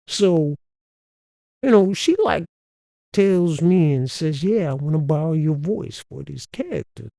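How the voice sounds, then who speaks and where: A man's voice: a little high, gravelly, dark tone, no room sound, studio quality. A man from Compton, hosting a podcast and telling a profane, streetwise story with frequent laughs. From Compton, Los Angeles. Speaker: podcast host. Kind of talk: casual storytelling.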